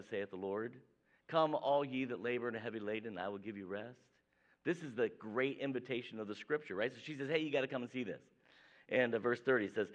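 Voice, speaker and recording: A man's voice: medium pitch, a bit bright. Male preacher with a conversational sermon style who acts out his quotes. The recording is dull and lo-fi. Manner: conversational, asks "right?" often, acts out quoted voices. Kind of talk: sermon with scripture reading.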